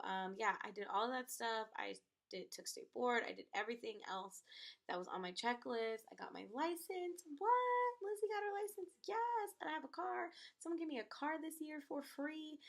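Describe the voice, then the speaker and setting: A young woman vlogger telling stories in a casual, animated chat to the camera. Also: medium pitch, creaky. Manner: animated storytelling, acts out quoted people.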